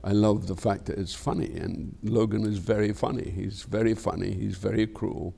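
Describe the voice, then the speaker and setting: A man's voice: on the low side, little pitch movement, moderate pace, creaky, dark tone, breathy edge. An older man with a Scottish accent, talking frankly in an interview, reflective and rambling, swearing freely. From Scotland. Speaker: actor being interviewed. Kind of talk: candid conversational interview.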